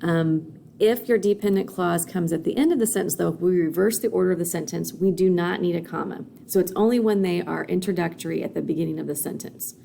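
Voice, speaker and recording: A woman's voice: on the low side, a little fast, creaky, dark tone, a little hiss or hum. A woman teaching a recorded grammar lesson, explaining patiently with frequent fillers and "okay?" check-ins.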